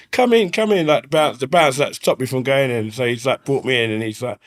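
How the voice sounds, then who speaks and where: A man, telling stories in a casual interview, swearing freely and often asking "you know what I mean". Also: mid-range voice. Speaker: interview guest. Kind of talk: casual storytelling. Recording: slightly faulty audio.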